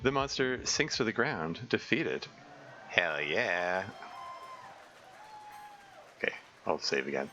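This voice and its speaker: A man's voice: sits low, big pitch swings, slow pace, pauses often, bright, forceful tone, highs cut off. A man streaming a game, narrating and thinking aloud in a chatty way with many fillers. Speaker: streamer playing a visual novel mod. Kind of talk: let's play narration and reading aloud.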